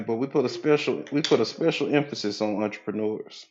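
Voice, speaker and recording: A man coaching on a live stream, greeting viewers by name, repeating his points and pitching his community in a casual way. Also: fairly quick, darkish tone, muffled recording.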